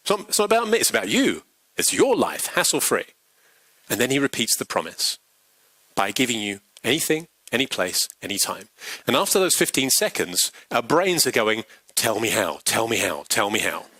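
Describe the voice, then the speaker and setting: Animated guy teaching pitching to a big crowd, bright voice, dry sound. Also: moderate pace, no echo, rough recording. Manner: animated, acts out quotes. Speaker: pitch coach. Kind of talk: workshop talk. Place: large workshop venue.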